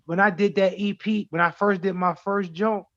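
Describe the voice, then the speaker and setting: Brooklyn rapper on radio, high pitched, profane street talk, dry lo-fi audio. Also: male voice, normal speed, dry recording. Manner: animated storytelling, profane, slangy. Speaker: rapper guest. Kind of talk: casual radio chat.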